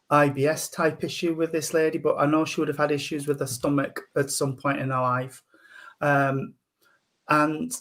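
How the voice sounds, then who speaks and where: A man working as a medium, giving a psychic reading in a gentle, hesitant way full of ums and endearments. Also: a little high. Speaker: spiritual medium.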